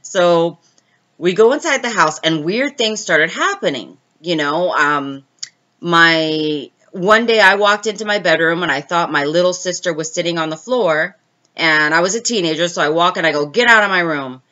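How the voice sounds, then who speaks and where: Woman host, bright forward voice, lo-fi stream audio, relaxed story-time chat with viewers. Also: lowish voice, moderate pace. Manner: chatty, answers viewer comments mid-story.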